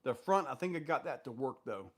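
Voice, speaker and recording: A man with a medium-pitched, expressive voice talks fairly quickly while hosting a casual livestream. He reads viewer comments aloud and answers them loosely, rambling and using lots of fillers.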